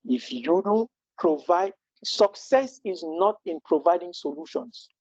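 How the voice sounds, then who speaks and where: A man's voice: high-pitched, animated, unhurried, a little mellow, no room sound, muffled recording. A man leading a live training webinar, earnest and full of rhetorical questions, often restarting his sentences. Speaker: Scrum trainer.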